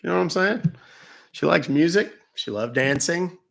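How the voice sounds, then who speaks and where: Here a man with a slightly high, somewhat bright voice with vocal fry runs a casual stream calling scammers. Expressive and moderately paced, he fills the gaps between calls with stories and jokes, chuckling at his own humor.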